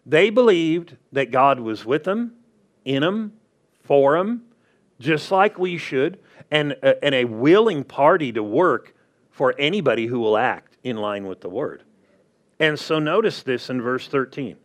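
A man's voice: mid-range voice, animated, unhurried. A man preaching a sermon in a conversational way, often checking in with the congregation. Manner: conversational preaching, asks the crowd "are you with me". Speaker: pastor.

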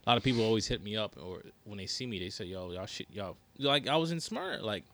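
A young man co-hosting a podcast, telling stories in animated, profane casual chat. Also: fairly low pitch, fast talker, a little hiss or hum. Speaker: podcast co-host.

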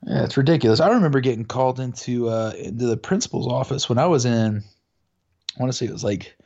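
A man's voice: mid-range voice, fast talker, a little mellow. A man chatting casually as a podcast co-host, telling a rambling story full of fillers and restarts. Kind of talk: casual chat. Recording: dull lo-fi audio.

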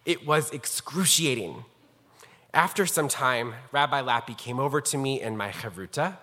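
A man's voice: medium pitch, moderate pace, pushed and bright. A rabbi speaking formally and earnestly as he introduces a guest scholar, telling a personal story. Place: synagogue sanctuary. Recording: long hall reverb.

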